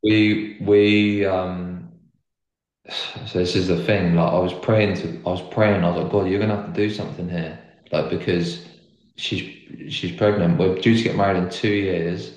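A young man with a lowish voice tells his story in a loose, earnest ramble, leaning on filler words as he goes. The room around him is echoey and reverberant. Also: steady tone, a little slow, a little mellow. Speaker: guest footballer. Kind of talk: casual storytelling chat. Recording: roomy echo.

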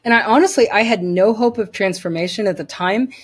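A woman's voice: medium pitch, fairly quick, slightly rough. A woman as an interview guest, telling her personal faith testimony in an earnest, emphatic way, repeating phrases for weight.

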